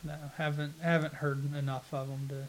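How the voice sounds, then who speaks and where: A man with a Southern US accent, answering interview questions in an unhurried, plain-spoken way with halting restarts. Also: a little high, flat delivery, slight background noise. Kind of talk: casual interview conversation.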